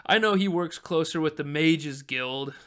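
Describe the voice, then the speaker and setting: A man's voice: a little high, unhurried, fairly bright tone. A man narrating as game master of a tabletop game in a loose, filler-heavy way, voicing the townsfolk himself.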